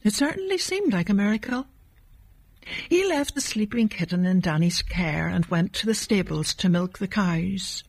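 A woman reading a children's Christmas storybook aloud in a calm, measured way. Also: mid-range voice, husky, no echo. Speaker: narrator.

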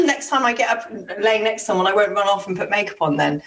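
A woman's voice: mid-range voice, very animated, a little fast, a bit bright. A woman co-hosting a podcast, playful and giggly in casual chat. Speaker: podcast co-host.

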